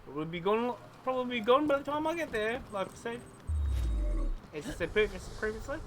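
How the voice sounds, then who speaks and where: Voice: mid-range voice, expressive, a little fast, faint music behind. A streamer commentating a live game in a put-on mix of Cockney and Australian accents, rambling and repeating phrases with self-amused asides.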